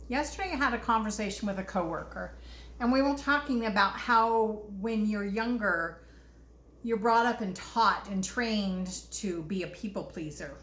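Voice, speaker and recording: A woman's voice: medium pitch, animated, moderate pace, a bit bright, slight background noise. An older woman hosting a casual self-help talk, earnest and reflective, sharing personal stories. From Utah, US. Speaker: host. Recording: echoey room with faint ambience.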